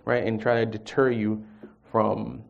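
A man giving a personal testimony and reading scripture at a church group, an animated storyteller who acts out the dialogue with chuckles. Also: lowish voice, a little slow, gravelly, muffled recording.

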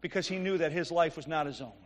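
A man preaching a sermon, reading scripture and explaining it conversationally, his voice swinging from loud emphatic peaks to quiet asides. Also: a little high, fast. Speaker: pastor. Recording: long hall reverb.

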